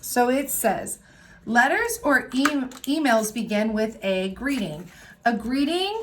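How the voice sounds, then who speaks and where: A woman teacher giving a recorded lesson to young children, explaining worksheets step by step in a clear, patient way. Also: on the high side, a little hiss or hum. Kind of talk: recorded remote class lesson.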